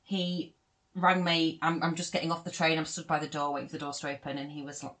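A young woman, telling a dating story in a casual podcast chat, self-deprecating and animated. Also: low voice, fast. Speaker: podcast co-host.

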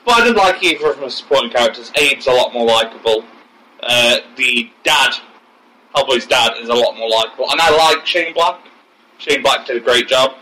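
Man, bright forward tone, blunt opinions, casual podcast chat, faint hiss. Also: mid-range voice, fairly quick, rough recording. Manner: opinionated, swearing, trailing off mid-sentence. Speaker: podcast co-host. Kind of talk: casual film discussion.

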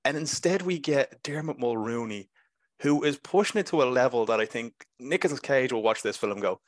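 A man hosting a podcast, talking in a quick, wry, dry-humored way in casual chat. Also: medium pitch, animated, no room sound. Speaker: podcast host. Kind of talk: casual film review chat.

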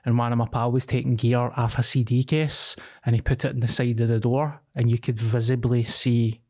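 A man's voice: medium pitch, level tone, a little fast, darkish tone. A young man with a Glaswegian accent, co-hosting a podcast and telling a rambling, confessional story in casual chat. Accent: Scottish, Glaswegian. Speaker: podcast co-host.

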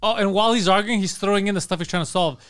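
High, clear-voiced man riffing jokes. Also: rapid-fire, fairly bright tone. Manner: riffing observational comedy, playful. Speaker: podcast co-host. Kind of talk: casual comedic chat.

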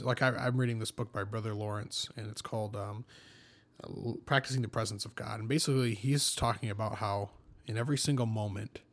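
A young man co-hosting a casual faith discussion, telling stories in an animated, self-deprecating way and laughing often. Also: lowish voice.

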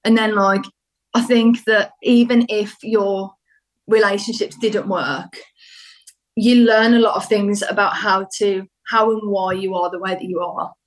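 A woman's voice: medium pitch, fairly even intonation, measured pace, low-quality recording. A British woman as a podcast guest, chatting freely and filling with lots of likes. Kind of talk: casual podcast chat.

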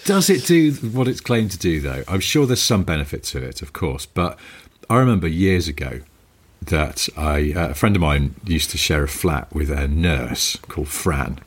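A man's voice: rumbling low, moderate pace, slightly rough. A man co-hosting a podcast, telling anecdotes in casual chat. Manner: anecdotal, lively storyteller. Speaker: podcast co-host.

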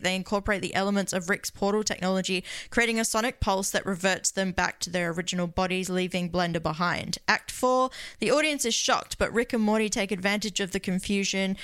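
Woman reading in a crisp voice. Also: medium pitch, fairly bright tone, no echo. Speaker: podcast co-host. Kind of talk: reading an AI-written outline aloud.

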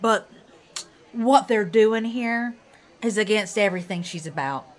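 A woman playing a tabletop game, playful and teasing. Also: mid-range voice. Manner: playful, teasing, quick to laugh. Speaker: player.

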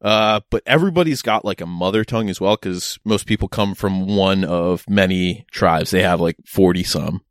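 A young man swaps stories in relaxed podcast chat. His voice sits a little low, and the recording is dry and close. He rambles, stumbles over restarts and laughs easily. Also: normal speed, few pauses, dry recording. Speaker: podcast co-host. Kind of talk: casual chat.

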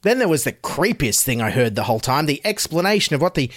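A man's voice: fairly high pitch, very animated, fast, fairly bright tone, no room sound, studio quality. A man with an Australian accent giving sarcastic satirical news commentary, mocking and exaggerating his emphasis. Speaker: comedy host.

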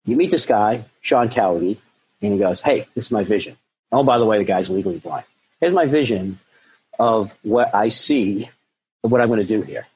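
Man, interview host, husky voice, chatty questions, casual tone. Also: on the low side, normal speed, darkish tone, rough recording.

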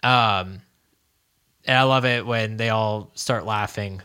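A man's voice: lowish voice, slow pace, sharp tone, clean tone. A man co-hosting a podcast in casual chat, rambling loosely and laughing often. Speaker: podcast co-host.

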